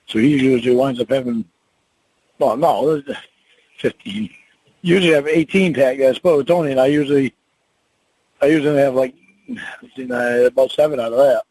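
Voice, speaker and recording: A man in casual banter with his partner, defensive and quick to laugh things off. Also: medium pitch, steady tone, a little mellow, dry recording, low-quality recording.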